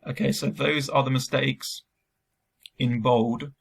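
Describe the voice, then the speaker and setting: Young male teacher recording a remote lesson, gravelly and flat, relaxed with frequent ums. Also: mid-range voice, slow pace. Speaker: school Spanish teacher.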